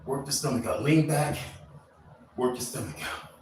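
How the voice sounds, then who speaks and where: A man's voice: mid-range voice, normal speed, a little mellow. A man hosts a casual live stream with a rambling, slangy pep-talk delivery, and his voice sits in a mid register. The room around him rings with echo. A faint ambient hum stays in the background. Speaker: livestreamer. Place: indoor room.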